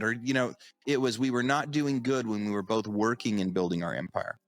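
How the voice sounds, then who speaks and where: In casual podcast chat, a middle-aged male co-host spins stories and acts out the people he quotes. He has a fairly low-pitched voice and a brisk pace.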